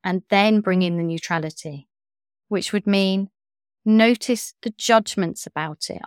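A woman coach speaking as a podcast guest in a gentle, soothing, reassuring way. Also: mid-range voice, measured pace, smooth, no echo, studio quality. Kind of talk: interview talk.

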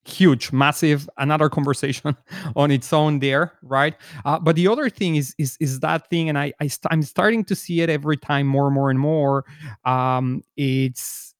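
A man with a fairly high voice hosts a podcast interview, building his points step by step. The recording is close-miked and dry. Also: steady tone, normal speed, no echo.

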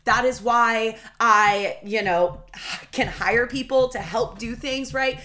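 A woman's voice: a little high, slow pace. A woman, hosting a casual solo podcast, chatty and profane. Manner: chatty, profane, animated, Southern-tinged "y'all". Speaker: podcast host.

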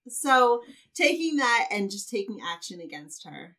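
A woman's voice: fairly high pitch, big pitch swings, measured pace, sharp tone, recorded from a distance. A woman podcast guest speaking in an encouraging, coaching tone in casual chat.

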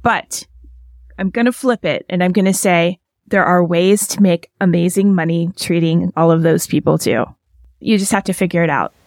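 A woman's voice: on the low side, normal speed, no echo, clean studio sound. A woman hosting a podcast interview, affirming her guest and then steering with direct questions. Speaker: podcast host.

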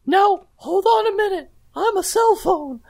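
A woman's voice: very high-pitched, animated, a little slow, vocal fry, a little mellow, full character voice. A woman voicing a wisecracking talking cell phone in an improvised comedy story, speaking in a snarky, teasing way. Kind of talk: improv comedy role-play.

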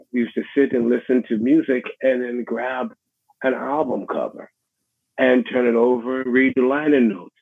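A middle-aged man with a New York accent, a musician being interviewed, speaking in a halting, reflective way with many restarts. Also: mid-range voice. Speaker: guest musician. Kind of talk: casual interview conversation. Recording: husky voice over a tinny phone line.

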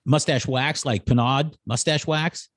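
A man's voice: medium pitch, fairly even intonation, a little slow, no room sound, studio quality. A middle-aged man hosting a podcast on a video call, easygoing, thinking aloud with many "I think"s in casual conversation. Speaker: podcast host. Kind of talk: casual interview chat.

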